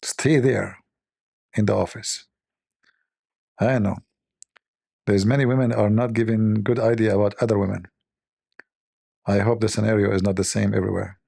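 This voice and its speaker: A man's voice: fairly low pitch, level tone, normal speed, vocal fry, pauses often, dark tone, dry recording, studio quality. A man hosting a joking commentary who rambles, mocks and thinks aloud into a desk microphone. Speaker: host.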